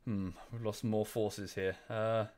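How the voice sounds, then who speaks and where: A man's voice: fairly low pitch, level tone, slow, a little mellow. A young man giving casual live-stream commentary on a strategy game at home, chatty, easily distracted and apologetic. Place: room at home.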